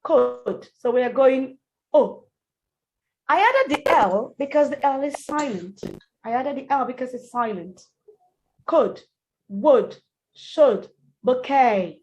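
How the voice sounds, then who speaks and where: A woman teaching pronunciation in an online class, repeating words slowly and carefully for the students. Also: high voice, expressive, slight background noise, low-quality recording. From Nigeria. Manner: slow, drilled repetition of words. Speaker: diction teacher.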